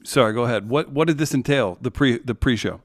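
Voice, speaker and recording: A man co-hosting a comedy talk show steers the conversation and gives cues to the others. His voice sits at an average pitch. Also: fast talker, dry recording, clean studio sound. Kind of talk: casual talk show chat.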